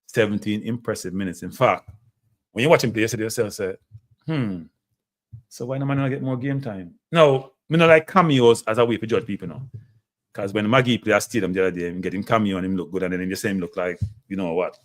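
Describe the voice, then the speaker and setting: A Jamaican man with a lowish voice talks fast while hosting a football live stream. He laughs often and comes across as excitable and full of feeling.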